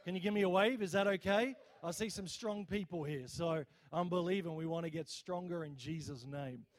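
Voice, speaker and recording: Energetic high-voiced preacher. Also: male voice, normal speed. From Australia. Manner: energetic, rallies the crowd for responses. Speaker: visiting preacher. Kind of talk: sermon with healing prayer. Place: church service.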